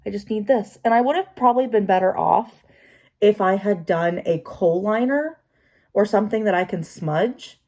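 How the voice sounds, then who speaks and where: Mellow-voiced woman chatting through makeup. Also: mid-range voice, moderate pace. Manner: chatty, talks to herself, self-deprecating asides. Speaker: makeup vlogger. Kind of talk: casual talk while doing makeup.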